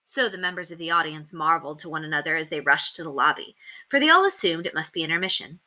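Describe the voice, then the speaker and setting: A woman teacher reading a chapter book aloud with expressive storytelling. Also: sits low, fast talker.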